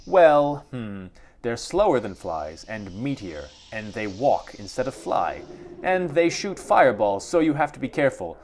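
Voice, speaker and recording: A man's voice: mid-range voice, a little slow. A man doing a poised, rambling giant spider. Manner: polite, rambling. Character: big poised spider, friendly and scatterbrained. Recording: steady background noise.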